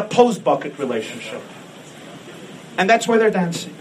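Impassioned preaching man, high voice. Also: moderate pace, background noise. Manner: impassioned, rising to shouts on key points. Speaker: rabbi. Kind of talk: sermon with storytelling.

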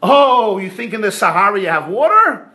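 A man's voice: high voice, very animated, moderate pace, pushed and bright, heavily acted. A man voicing a patient mother camel who explains things to her young during a story in a sermon. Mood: explaining.

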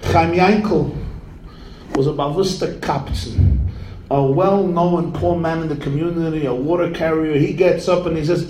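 Brief: lively male storyteller with a high voice, folk tale with Yiddish phrases, echoey room. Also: moderate pace, far from the mic, a little hiss or hum. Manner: animated and theatrical. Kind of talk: folk tale telling, sprinkled with Yiddish and Hebrew words.

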